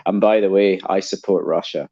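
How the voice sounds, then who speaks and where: A man's voice: sits low, fairly even intonation, moderate pace, mellow, highs cut off. A Scottish man chatting casually, blunt and scornful as he tells a story. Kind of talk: casual chat.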